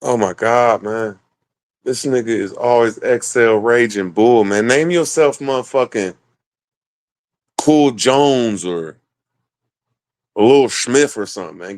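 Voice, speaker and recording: A man's voice: medium pitch, dry recording. A man in casual chat, talking loosely with lots of swearing and frequent laughter. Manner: loose, joking, heavy swearing; laughs often between lines.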